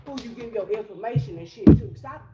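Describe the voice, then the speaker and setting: A woman's voice: a little high, sing-song, a little fast, muffled recording. A woman doing a casual tarot reading in a blunt, profane, streetwise way. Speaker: tarot reader. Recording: echoey room with loud music.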